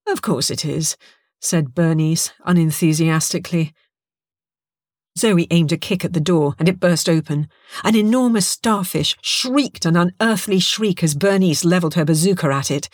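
A woman reads an audiobook with lively, expressive storytelling. Her voice sits on the low side. It is recorded close in a dead, dry studio booth. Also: normal speed, dry recording. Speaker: narrator. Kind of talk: scripted audiobook narration.

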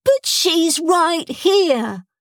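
A woman putting on a small alien sea creature boy, squeaky and high, who pleads eagerly and swings up and down in a lively way. The voice is dry and close, as on a storybook recording. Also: slow pace, no room sound, exaggerated voice.

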